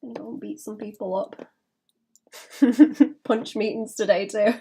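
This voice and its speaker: A woman's voice: mid-range voice, takes it slowly, long pauses, noisy background. A woman chatting casually while she draws on a live stream, thinking aloud with small laughs and restarts. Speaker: illustrator streaming her drawing.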